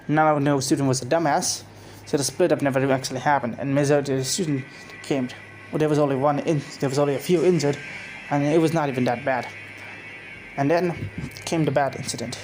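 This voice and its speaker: A man with a fairly high, darkish voice reads his own fan fiction aloud quickly and casually, with fairly even intonation. He rambles, restarting and correcting himself often, over background music on a rough recording.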